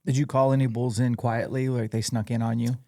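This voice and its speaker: A man's voice: medium pitch, flat delivery, brisk, warm tone. Podcast host man asking direct questions. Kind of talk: podcast interview.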